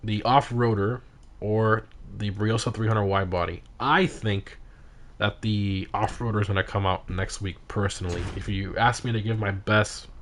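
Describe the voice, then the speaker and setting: A man hosting a casual gaming livestream, reacting loudly to races and chatting with viewers; he sounds tired. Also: on the low side, normal speed, a little hiss or hum. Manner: excitable, frequent exclamations during races. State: tired, yawning. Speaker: livestream host of game car meets.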